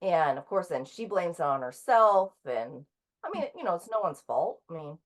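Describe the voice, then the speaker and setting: Soft-spoken woman with lots of ums. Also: lowish voice, big pitch swings. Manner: halting, lots of ums and restarts. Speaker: author and guest. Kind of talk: casual interview conversation.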